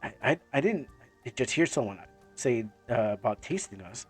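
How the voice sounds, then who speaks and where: A man's voice: medium pitch, animated, normal speed, breathy edge, dry recording, soft background music, voice pushed down. A man voicing a wary, sarcastic young hero who mutters his lines, in a fan comic dub.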